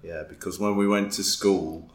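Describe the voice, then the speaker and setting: A man around sixty in casual talk, giving short agreeing replies and telling stories haltingly, with pauses. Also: low-pitched, steady tone, roomy sound. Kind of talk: casual conversation.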